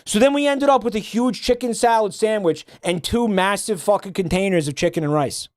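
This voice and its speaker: A man's voice: sits high, fairly quick, no room sound, clean studio sound. A man streaming, chatting casually and swearing freely, often breaking into laughter. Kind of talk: casual chat reacting to a game.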